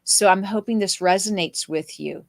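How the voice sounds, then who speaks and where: A chatty woman hosts a live card reading, filling pauses with little laughs and fillers. Her voice sits at an ordinary middle pitch. The sound is dry and close, with no room echo. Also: creaky. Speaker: host reading cards for viewers.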